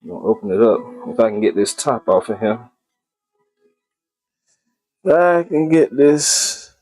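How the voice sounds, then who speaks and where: A man talks his viewers through a home cooking video in an easy, casual way. His voice is mellow and warm, and he often says a phrase twice. He addresses the audience as y'all. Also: mid-range voice, very animated, a little slow.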